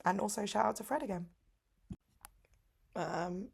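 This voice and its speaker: A woman's voice: on the low side, fairly even intonation, moderate pace, vocal fry, pauses often, a little mellow, husky. Rambling young woman vlogging from bed. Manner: rambling, heavy use of "like". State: in pain, lying down. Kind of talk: casual chat. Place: lying in bed at home.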